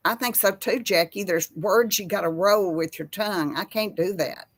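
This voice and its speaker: A Texan woman, older, hosting a casual chat from her home kitchen in a slow folksy drawl. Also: medium pitch, no room sound. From Texas. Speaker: host. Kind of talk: casual chat with live chat viewers.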